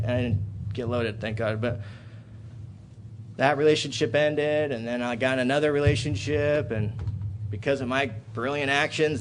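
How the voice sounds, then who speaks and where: A faint hiss or hum sits under this AA speaker's recovery talk at a hotel-room convention. He tells his story dramatically and swears without restraint, moving from loud, excited bursts down to quiet, low moments.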